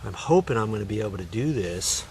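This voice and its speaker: A man's voice: on the low side, animated, fast talker, heavy background noise. A man hosting a do-it-yourself video, talking casually and puffing out of breath while he hammers a post outdoors. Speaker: DIY video host. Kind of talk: casual narration while working. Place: outdoors in a yard.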